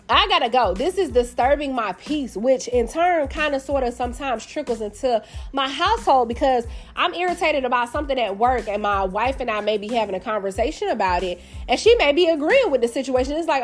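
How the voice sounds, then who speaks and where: Woman, thirties, podcast host, sassy and candid, slightly high voice, faint background music. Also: expressive, fairly quick. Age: 30s. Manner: candid and sassy, addresses listeners as y'all and baby. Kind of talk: casual storytelling monologue.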